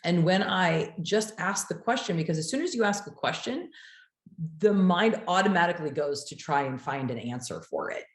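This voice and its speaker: A woman's voice: lowish voice, animated, normal speed. A woman coach hosting a casual conversation, reflecting aloud and explaining with rhetorical questions. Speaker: coach and host. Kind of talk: casual chat. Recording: echoey room.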